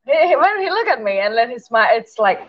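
Shy young woman with lively voice. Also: on the high side, fast talker. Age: young adult. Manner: shy, short answers, giggly. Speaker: guest. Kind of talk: casual chat. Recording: dull lo-fi stream audio.

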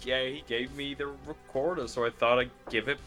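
A man's voice: mid-range voice, fairly even intonation, brisk, fairly bright tone, faint music behind. A man playing a tabletop game, chatting with dry humor. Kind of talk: casual in-character chat.

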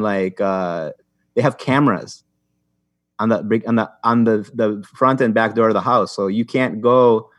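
A man's voice: medium pitch, no room sound, studio quality. A young man telling stories in a rambling way as a podcast guest, with many restarts and fillers. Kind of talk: casual chat.

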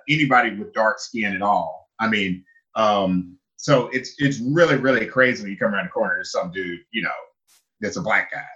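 Brief: animated male guest, bright edgy tone, acts out the people in his stories. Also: lo-fi sound. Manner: animated, acts out people with big pitch jumps. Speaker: guest who lived in China. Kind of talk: casual storytelling chat.

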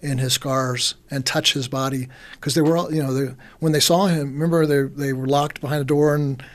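A man's voice: medium pitch, steady tone, brisk. Rambling man talking faith. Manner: rambling, repeats words, frequent fillers. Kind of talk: casual conversation about faith.

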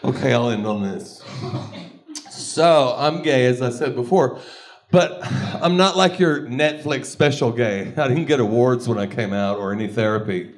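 A man doing a stand-up comedy set, crude and animated, often laughing between lines. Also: medium pitch, normal speed. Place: comedy club stage.

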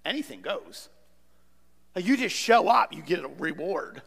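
A male pastor delivers an emphatic sermon, repeating phrases and swinging from loud bursts to quiet, low asides. His voice sits high and bright. A long reverb trails after his words in the church sanctuary. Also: sing-song, unhurried, vocal fry, slightly rough. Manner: emphatic preaching with repetitions and swings from loud to soft.

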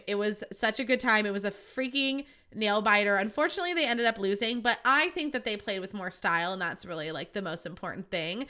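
Bright, chatty young woman podcast host. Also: mid-range voice. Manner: chatty, swears freely, acts out quotes in a raised voice. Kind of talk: casual chat.

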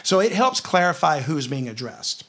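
A man with a Southern US accent teaching a conversational Bible lesson, telling stories and slowing down to read scripture aloud. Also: fairly high pitch, big pitch swings, fairly bright tone. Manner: storytelling, slows down to read scripture.

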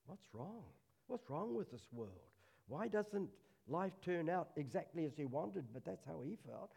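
A man's voice: a little high, sing-song, unhurried, vocal fry, slightly rough. Earnest male preacher giving a sermon. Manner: earnest, drops to a hush on solemn lines. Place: church service.

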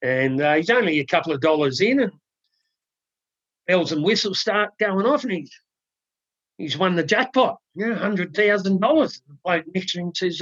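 A man co-hosting a podcast, telling a joke in a relaxed, halting way with many ums and restarts. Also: high-pitched, husky, no echo. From Australia. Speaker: podcast co-host. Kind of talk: casual chat, telling a joke. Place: home studio in the UK. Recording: dry, slightly dull sound.

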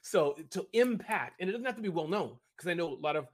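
Husky-voiced man rambling animatedly. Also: sits high, quick pace. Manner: rambling, animated, keeps addressing the host by name. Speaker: podcast guest, entrepreneur. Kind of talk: casual interview chat. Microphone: video call.

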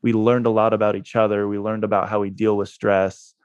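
A man's voice: fairly low pitch, flat delivery, brisk, clean tone, dry recording, dull audio. A man being interviewed, telling a story in a laid-back way and laughing at himself. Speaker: guest, real estate investor.

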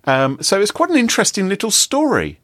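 A man co-hosting a podcast, telling a story in casual chat with animated delivery and frequent laughter. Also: high-pitched, brisk, no room sound, clean studio sound. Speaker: podcast co-host.

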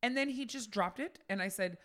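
A woman's voice: on the high side, brisk. A woman co-hosting a podcast, telling a story casually with lots of swearing. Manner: profane, animated storyteller. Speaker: podcast co-host.

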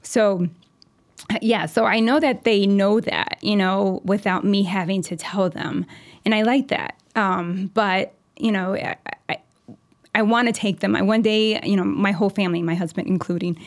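A woman's voice: medium pitch, fairly even intonation. A woman in her thirties talking casually as an interview guest, chatty and full of fillers. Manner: chatty, many "you know" fillers, quick laughs. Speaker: mortgage lender, interview guest.

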